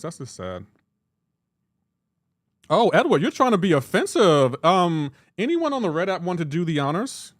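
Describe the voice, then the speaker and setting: A young man live-streaming a mobile game, joking back and forth with his chat in a casual, animated way. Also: medium pitch, dry recording, studio quality.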